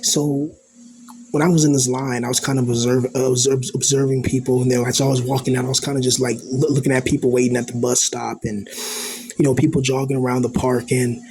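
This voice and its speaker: A man's voice: medium pitch, flat delivery, fairly quick, a little mellow, a little hiss or hum. A man in an earnest, introspective personal monologue, rambling and leaning on fillers like "you know" and "like".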